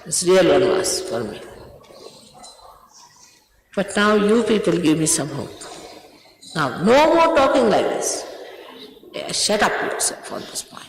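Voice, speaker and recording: A woman gives a spiritual talk, sternly scolding her followers. Her pitch swings widely from phrase to phrase. The recording rings with the long echo of a large hall. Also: very animated, measured pace, long pauses, a little hiss or hum. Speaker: spiritual teacher.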